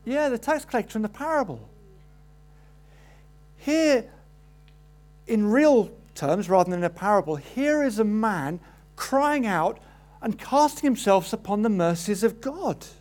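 A man preaching a sermon, animated, acting out the voices in the story. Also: unhurried, long pauses. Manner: animated, acts out quoted voices with rising pitch.

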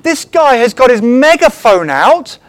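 A man preaches in a high voice that swings up and down with real animation. He acts out little quoted lines and keeps putting questions to his congregation. The sound is dry and close. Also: sing-song, a little slow, no room sound. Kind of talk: sermon. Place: church.

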